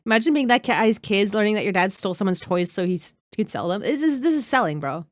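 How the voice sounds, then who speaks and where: Quick-paced and lively, a young woman's medium-pitched voice reacts heatedly on a casual live stream, swearing and calling out her chat members by name. The sound is clean studio quality with no echo.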